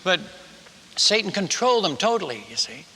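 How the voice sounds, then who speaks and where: A man's voice: sits high, big pitch swings, moderate pace, bright, forceful tone, slightly rough. A man, a missionary preacher, tells a story in a sermon, acting out the dialogue and the sound effects. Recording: long reverb of a large hall.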